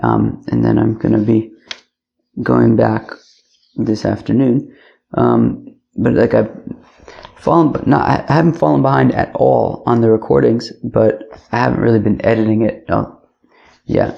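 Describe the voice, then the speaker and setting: Gravelly man giving a chatty Talmud class. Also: medium pitch, dark tone, lo-fi sound. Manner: loose and chatty, mixing Yiddish and Aramaic terms. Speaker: Talmud teacher. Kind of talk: casual daily Talmud class.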